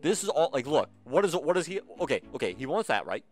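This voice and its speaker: A man's voice: on the high side, big pitch swings, fast talker, soft background music. A man hosting a gaming channel, giving casual gameplay commentary and playfully bantering with the game's customers.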